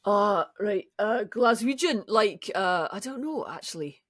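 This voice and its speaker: Brief: woman podcast co-host, mid-pitched, chatty and halting, dry sound. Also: animated, fairly bright tone, dry recording. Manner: hesitant, full of restarts while explaining accents. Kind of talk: casual chat.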